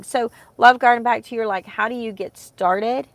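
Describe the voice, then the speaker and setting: A woman's voice: fairly high pitch, steady tone, normal speed, dry recording. A woman in her thirties, a homeschooling mom vlogging, talking in a rambling, heartfelt way with many fillers. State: emotional, close to tears. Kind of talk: casual chat to camera.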